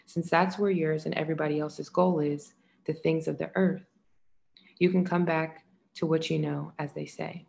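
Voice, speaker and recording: A woman reading a nonfiction book aloud in a measured way, saying the quote marks out loud. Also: sits low, fairly even intonation, vocal fry. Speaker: audiobook reader.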